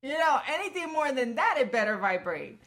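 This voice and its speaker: Brief: twenties woman, high-pitched, lively casual storyteller who acts out every quote. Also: a little fast. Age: 20s. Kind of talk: casual podcast chat.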